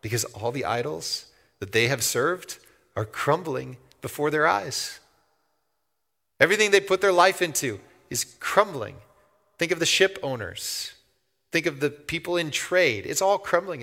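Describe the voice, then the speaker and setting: A middle-aged male pastor preaching in a church sanctuary, his voice bright and forceful. He talks in a relaxed, conversational way, then rises into loud, emphatic outbursts. A long reverb trails behind every phrase. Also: on the high side, measured pace. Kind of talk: sermon.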